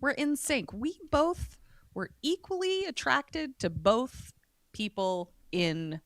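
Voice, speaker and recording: A woman's voice: high voice, lively intonation, slow pace, dry recording, clean studio sound. A woman co-hosting a podcast, chatty and jokey, often trailing off and restarting as she talks. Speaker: podcast co-host. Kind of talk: casual chat.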